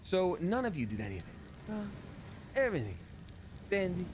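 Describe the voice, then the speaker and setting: A man's voice: high-pitched, huge pitch swings, normal speed, background noise. A man in his thirties chatting casually while playing a video game live, reading chat aloud and slipping into playful voices.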